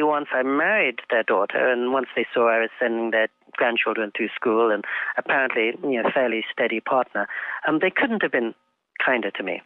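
A man's voice: medium pitch, no room sound. An older man from England talks through an interview in a thoughtful, articulate way, with frequent ums as he gathers his thoughts. His voice comes through a tinny, narrow phone line. The sound is dry, with no room around it. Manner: thoughtful, articulate, halting with fillers. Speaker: interview guest. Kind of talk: reflective interview conversation.

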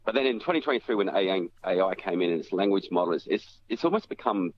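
A man's voice: deep voice, animated, fast. A man explaining phone technology on a radio show, step by step, with frequent fillers and restarts. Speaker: tech commentator. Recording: dull lo-fi radio audio with faint hiss.

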